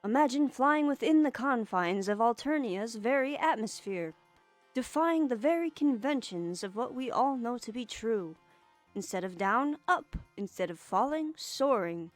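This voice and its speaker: A theatrical young troll boy, as a woman puts him on with a raised, lifted pitch, speaking in pompous, flowery phrases. He is eager and grand in every line, with faint game music playing underneath. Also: animated, a little slow. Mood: rapturous. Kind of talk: reading game dialogue aloud in character.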